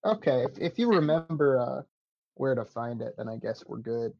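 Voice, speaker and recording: A man's voice: mid-range voice, expressive, moderate pace, gravelly, no room sound, muffled recording. A man playing a tabletop role-playing game, rambling in character with hesitant, dry humor. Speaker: player.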